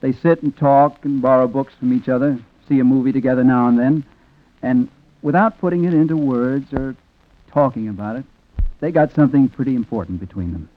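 An actor narrating a 1940s radio drama as a reflective man, quiet and rueful. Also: mid-range voice, fairly quick, lightly acted. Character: reflective man telling a sad story. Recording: tinny old radio recording with music.

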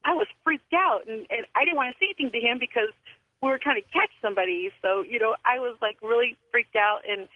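A woman's voice: fairly high pitch, quick pace, no room sound. Rambling woman caller on a phone line. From California. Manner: rambling, many likes and fillers. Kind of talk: phone-in storytelling.

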